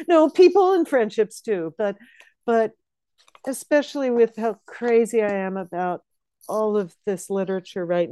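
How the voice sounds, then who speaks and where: Woman co-host, casual chat over a video call; warm, dry, sleepy but eager. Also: lowish voice, clean tone, dry recording. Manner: enthusiastic, laughs often, repeats words. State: sleepy, yawning. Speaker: podcast co-host.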